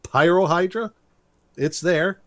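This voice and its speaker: A man co-hosting a podcast, recapping a cartoon episode in a lively, storytelling way and laughing as he goes. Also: high voice, slow. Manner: animated storytelling, briefly imitates characters with laughs. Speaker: podcast co-host.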